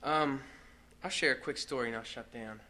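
A man's voice: medium pitch, moderate pace, bright, forceful tone, slight background noise. A man giving a casual, personal share at a recovery meeting, swearing now and then and padding his talk with "like" and "you know.". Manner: casual, profane, full of fillers. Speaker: speaker sharing at a recovery meeting.

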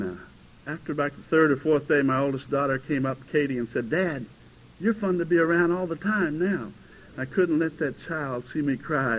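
A man in his fifties telling his recovery story to a meeting, animated and given to sudden loud outbursts. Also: mid-range voice, slight background noise, low-quality recording. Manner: animated storytelling, bursts into shouting. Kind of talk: personal testimony to a meeting. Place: meeting hall before a live audience.

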